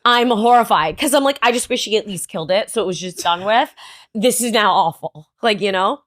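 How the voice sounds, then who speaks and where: A young woman co-hosting a podcast, telling a story in animated casual chat, full of "like" and swearing. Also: mid-range voice, brisk, dry recording, clean studio sound. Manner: animated storyteller, heavy "like" filler, frequent swearing. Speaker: podcast co-host.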